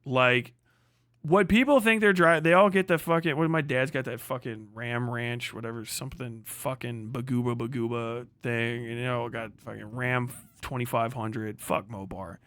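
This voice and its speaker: A man's voice: mid-range voice, moderate pace, no room sound. A man hosting a livestream, ranting and mocking with constant swearing. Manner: swearing heavily, mocking, animated. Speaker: livestream host. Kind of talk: profane livestream rant.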